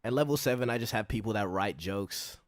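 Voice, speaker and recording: A man hosting a video, reading scripted comedic narration in a dry, deadpan way. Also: on the low side, brisk, heavy background noise. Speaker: YouTube host. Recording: voice-over with music bed.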